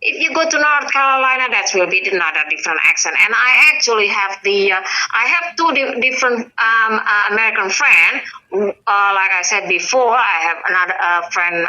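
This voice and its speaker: Indonesian-accented woman, very bright edgy voice, animated explaining, lots of uh and um, muffled lo-fi call audio. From North Sumatra, Indonesia. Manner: animated, frequent pitch rises, searching with uh and um. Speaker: guest explaining language. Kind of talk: casual explanatory chat.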